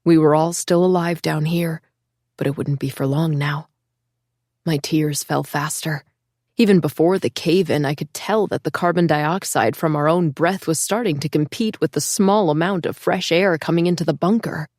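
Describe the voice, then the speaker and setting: A woman reading a first-person thriller audiobook in an emotional, hushed storytelling voice. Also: sits low, moderate pace, no room sound, clean studio sound. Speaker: audiobook narrator.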